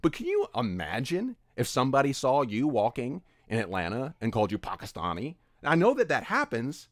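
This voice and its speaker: A man's voice: medium pitch, huge pitch swings, fairly quick, no echo, clean studio sound. A man giving an opinionated commentary rant, emphatic and exasperated, scolding his audience. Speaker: video commentator.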